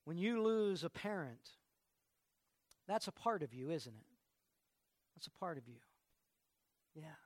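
A man's voice: on the high side, big pitch swings, a little slow, pauses often, no room sound. A man preaching a sermon in a conversational way, often stopping to repeat his words. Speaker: pastor.

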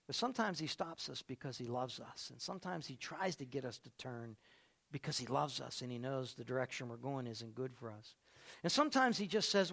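A man preaching a lively sermon and calling out to listeners by name in a church. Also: a little high, brisk, gravelly. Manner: animated, calls on listeners by name. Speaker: pastor.

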